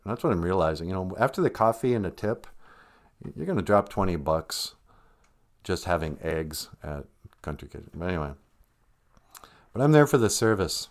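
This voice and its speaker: A man's voice: deep voice, sing-song, moderate pace, long pauses. A middle-aged man hosting a comedy live stream, rambling through jokes and language lessons with playful asides.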